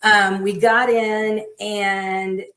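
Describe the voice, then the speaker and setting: A middle-aged woman, a guest parent, talks through her story in a conversational way. Her voice sits at a middle pitch, and she livens things up by acting out the people she quotes. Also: drawn-out words, poor audio. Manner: animated, acts out quoted people.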